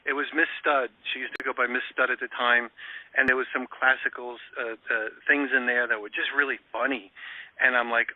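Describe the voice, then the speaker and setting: A man's voice: medium pitch, steady tone, normal speed, no echo. Rambling man telling a story on a tinny line. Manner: rambling, with many fillers and restarts. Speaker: radio show host. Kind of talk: casual storytelling on live radio. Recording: tinny phone-line sound, dry.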